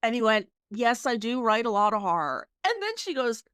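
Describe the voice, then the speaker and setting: A woman's voice: a little high, wildly swooping pitch, moderate pace, a bit bright, smooth, no room sound, clean studio sound. A woman co-hosting a podcast, chatting casually and telling stories with laughs and frequent restarts. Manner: chatty storyteller, laughs, many restarts and fillers. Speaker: podcast co-host. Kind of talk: casual chat.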